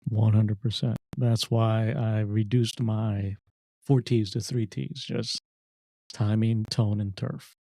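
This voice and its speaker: A man co-hosting a talk podcast, speaking in a slow, measured way. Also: lowish voice, flat delivery, vocal fry, warm tone, no room sound. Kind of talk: casual discussion.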